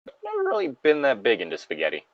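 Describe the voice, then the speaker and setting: A man's voice: medium pitch, wildly swooping pitch, fast, no room sound, lo-fi sound. A man hosting a casual podcast chat, rambling and a little hesitant as he talks. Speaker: podcast host.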